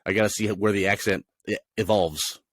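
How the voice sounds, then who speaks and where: A man co-hosting a casual movie review podcast, rambling and animated, often laughing and acting out lines. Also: on the low side, a little fast, a little hiss or hum. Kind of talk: casual chat.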